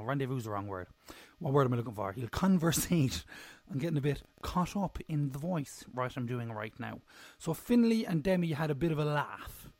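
A man's voice: fairly high pitch, a little mellow, no room sound. A young man, hosting a casual solo recap podcast in a rambling, jokey, self-mocking way. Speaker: podcast host.

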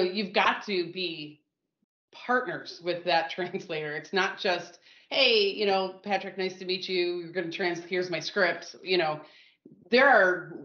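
A woman telling stories in a casual chat, lively and laughing, acting out what people said. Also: lowish voice, reverberant, dull audio. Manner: lively, laughing storyteller who acts out quotes. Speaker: communications consultant guest. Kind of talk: casual storytelling.

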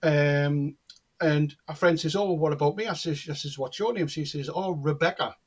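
A man's voice: on the high side, moderate pace, slightly rough. A man, telling anecdotes in casual chat and acting out the dialogue in them. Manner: animated storyteller, acts out quoted dialogue. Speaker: guest, cold reader.

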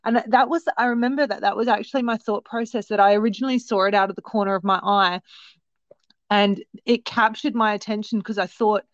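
A woman guest telling a story in a rambling, animated way, with many restarts. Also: medium pitch, a little fast, dry recording. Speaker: guest recounting a sighting. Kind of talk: casual storytelling. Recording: dull, lo-fi, dry sound.

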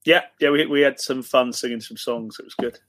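A man co-hosting a casual football podcast, making his points in a measured, analytical way. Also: mid-range voice, fairly bright tone, slight background noise. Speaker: podcast co-host.

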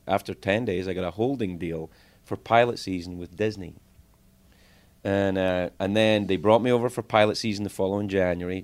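A middle-aged man with a fairly low voice spins show-business stories with a swear word here and there. He jumps into the voices of the people he quotes as he goes, keeping it loose and conversational. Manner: animated, profane anecdotes with lively acted-out quotes. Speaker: guest. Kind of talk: casual storytelling.

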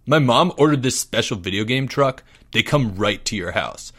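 A boastful fifth-grade boy, as a male storyteller plays him, full of swagger and quick to whine when he doesn't get his way. The voice stays close to the reader's own, with a middling pitch. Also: animated, fairly bright tone. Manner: boastful, whiny when crossed.

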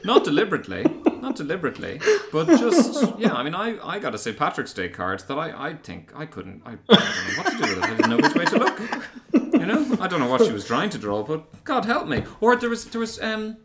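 A man's voice: fairly high pitch, fairly quick, a crowd in the background. A man, a primary school teacher, telling amused stories in casual chat. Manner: amused, expressive storyteller.

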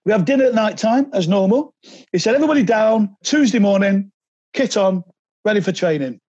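A man, a podcast guest telling animated anecdotes and slipping into quoted voices. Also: high voice, a little fast, no echo, highs cut off. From England. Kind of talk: anecdotal interview storytelling.

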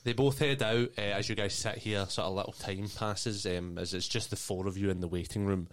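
A man narrating as game master of a tabletop game, loose and casual with many ums and uhs, quick to laugh. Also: fairly low pitch, fairly even intonation.

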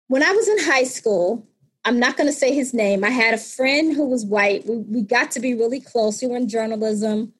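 A woman in her fifties telling a personal story in conversation, animated and acting out the people in it. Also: on the high side, moderate pace, slightly rough, low-quality recording. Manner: animated, acts out voices in retold scenes.

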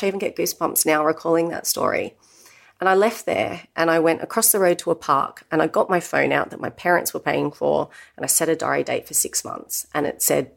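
Low gravelly Australian woman. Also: brisk. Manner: open, reflective, many "you know" asides. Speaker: guest. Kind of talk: candid personal storytelling.

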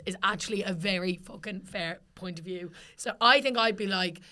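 A woman's voice: mid-range voice, measured pace. A young Irish woman co-hosting a podcast, chatting casually and laughing, swearing freely as she tells stories. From Ireland. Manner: lively, sweary, laughing storyteller. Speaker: podcast co-host. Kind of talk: casual chat.

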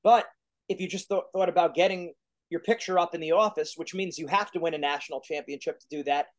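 A man's voice: a little high, fast. A man hosting a podcast, asking thoughtful questions and affirming his guest. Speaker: podcast host. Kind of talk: interview questions.

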